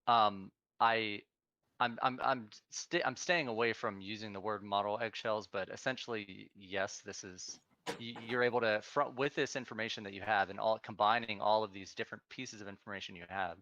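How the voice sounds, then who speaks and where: A man speaking as a guest in a casual online debate, halting and stammering through restarts. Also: lowish voice, fairly even intonation, pushed and bright, dry recording, highs cut off.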